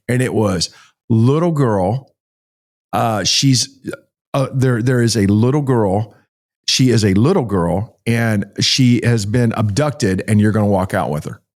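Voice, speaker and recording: A pastor, a man from Texas, telling a story as a podcast guest in a folksy, animated way. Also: lowish voice, takes it slowly. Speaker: pastor and ministry founder, guest.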